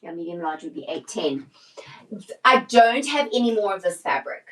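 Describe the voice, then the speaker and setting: A woman's voice: fairly low pitch, sing-song, normal speed, fairly bright tone, low-quality recording. A middle-aged woman, a personal stylist, chatting casually on a live shopping stream, answering viewer questions and often restarting her sentences.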